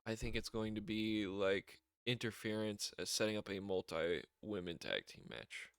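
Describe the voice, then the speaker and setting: A man casually recapping a wrestling show on his own, excitable and rambling, with lots of fillers, restarts and laughter. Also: on the low side, normal speed, clear, resonant tone, dry recording, clean studio sound.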